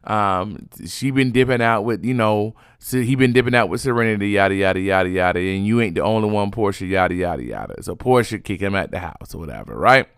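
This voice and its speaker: A man giving a sassy, chatty recap of reality TV gossip, animated and full of fillers, yawning now and then. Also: fairly low pitch, a little fast, hardly any pauses, smooth, no echo, clean studio sound. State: sleepy, yawning.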